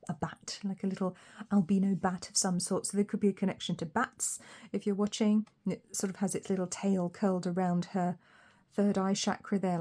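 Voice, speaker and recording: Woman tarot reader with a warm, mellow voice; chatty, rambling delivery. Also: fairly low pitch. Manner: rambling and chatty, musing aloud. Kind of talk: chatty tarot card reading.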